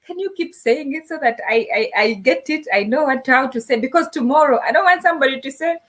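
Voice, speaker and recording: This is a young woman from Africa, a guest sharing funny stories in a relaxed chat. Her voice sits a little high and moves with a lot of animation. She acts out the dialogue in her stories as she goes. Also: quick pace. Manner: animated storytelling, acting out quoted dialogue. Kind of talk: casual interview chat.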